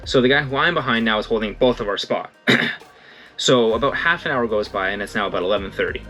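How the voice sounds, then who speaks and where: A man's voice: fairly low pitch, fast talker, faint music behind. A young man in casual storytelling, rambling and correcting himself, acting out what others said. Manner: rambling, self-correcting, animated quoting. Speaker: vlogger.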